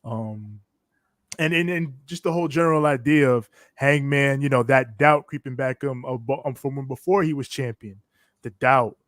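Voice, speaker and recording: A man's voice: mid-range voice, moderate pace, a bit bright, no echo, clean studio sound. A man co-hosting a casual wrestling reaction chat, laid-back and agreeable in his talk. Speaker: podcast co-host.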